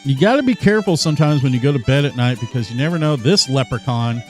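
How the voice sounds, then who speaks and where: A man's voice: mid-range voice, expressive, fast talker, darkish tone, faint music behind. A man co-hosting a sports podcast, joking and rambling with lots of fillers. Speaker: podcast co-host. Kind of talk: casual sports podcast chat.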